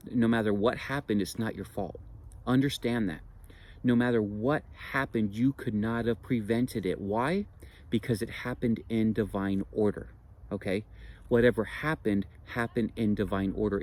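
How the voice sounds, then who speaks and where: A man's voice: fairly low pitch, darkish tone. A man speaking earnestly and reassuringly in a spiritual monologue, repeating phrases for emphasis. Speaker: spiritual teacher.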